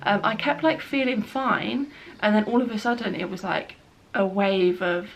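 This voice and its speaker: A woman's voice: mid-range voice, moderate pace, creaky, slight background noise. A young woman vlogging casually from home. She rambles a little and uses lots of filler words as she talks. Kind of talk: casual spoken update. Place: at home, by a bed.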